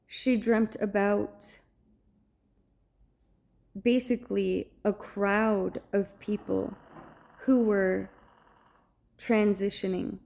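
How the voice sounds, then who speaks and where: Slow, gravelly-voiced woman telling a dream. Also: medium pitch, mellow. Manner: halting, earnest, searching for words. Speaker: vlogger recounting a dream. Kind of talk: personal storytelling to camera.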